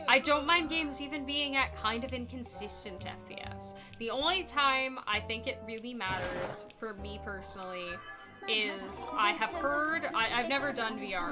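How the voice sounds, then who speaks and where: Chatty woman streamer over game music. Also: on the high side. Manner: chatty, reads chat aloud, laughs often. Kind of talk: casual speedrun stream chat. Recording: game music playing behind.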